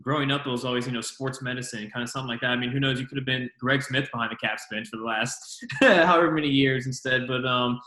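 Fast-talking male host in an echoey room. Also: medium pitch, fairly even intonation, sharp tone. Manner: rambling and quick, full of "like" and "I mean". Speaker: podcast host. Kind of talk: casual interview chat.

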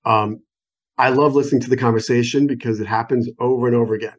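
A man's voice: medium pitch, steady tone, fast talker. An American man, a wine expert guest on a phone call, explaining in an enthusiastic, digressive way with many examples. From United States. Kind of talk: conversational interview explanation.

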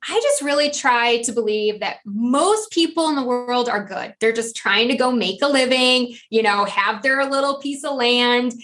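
A woman's voice: fairly high pitch, lively intonation, normal speed, few pauses, fairly bright tone. A middle-aged woman from New Jersey, a podcast guest chatting casually and animatedly, acting out voices when she quotes people. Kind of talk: casual conversation.

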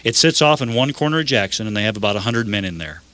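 A man's voice: lowish voice, lively intonation, fast, bright, forceful tone. A man voicing a friendly prison ministry director who talks persuasively.

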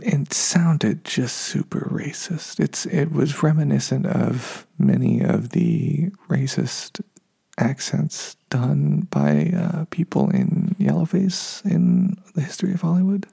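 Slow, gravelly-voiced man hosting a podcast. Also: fairly high pitch, big pitch swings, dark tone. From United States. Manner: unscripted, self-correcting, slightly frustrated. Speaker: podcast host. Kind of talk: solo podcast monologue.

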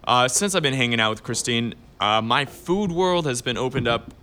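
An easygoing man co-hosting a podcast, chatting casually and laughing along often. His voice has a bright, forward tone. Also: medium pitch, expressive, moderate pace, clean tone. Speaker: podcast co-host.

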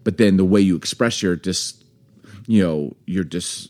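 A man's voice: low-pitched, a little slow. A man in casual chat with his wife, acting out phrases in different voices and laughing often. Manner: animated, acts out lines in put-on voices, laughs often. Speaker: podcast co-host with his wife.

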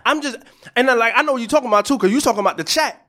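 A man co-hosting a podcast, talking in a casual, profane and animated way, and defending himself. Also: very high-pitched, racing, a little hiss or hum. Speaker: podcast co-host. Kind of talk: casual chat.

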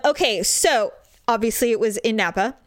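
A woman's voice: a little high, normal speed, dry recording. A woman telling a funny story in casual chat, laughing and acting out the people in it. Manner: animated, laughing, acts out voices in her story.

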